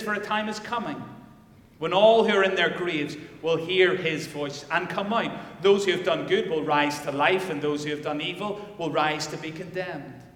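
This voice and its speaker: A male pastor delivering a sermon and reading scripture, swinging from loud declarations to hushed emphasis. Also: on the high side. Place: church. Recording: echoey church hall.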